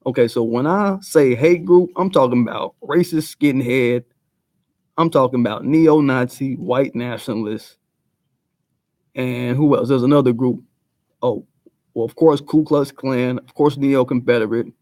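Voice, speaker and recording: A man's voice: medium pitch, steady tone, normal speed, darkish tone, no room sound. A man giving a blunt, profane commentary rant full of street slang. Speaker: video commentator.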